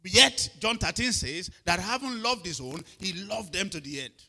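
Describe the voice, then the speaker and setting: Guy preaching, bright slightly high voice, keeps asking are you with me. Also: animated, normal speed, vocal fry. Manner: checks in with listeners often, repeats words. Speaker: pastor. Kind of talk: sermon.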